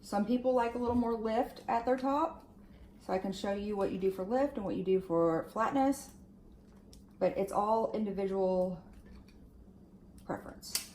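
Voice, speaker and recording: A woman at a styling station gives a relaxed hair tutorial, her speech loose and full of "like" and "okay". Her pitch sits right in the middle, and the room gives her voice a noticeable echo, with a faint hiss underneath. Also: normal speed, pauses often. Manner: chatty, lots of fillers like "like" and "okay". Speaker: hair stylist demonstrating on a wig. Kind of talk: casual tutorial talk.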